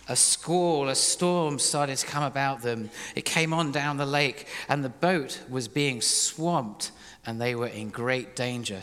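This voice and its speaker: A man preaching live in a church hall, playful and energetic, directing his congregation as he tells a story. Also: mid-range voice. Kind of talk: interactive sermon storytelling. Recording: reverberant hall, faint noise.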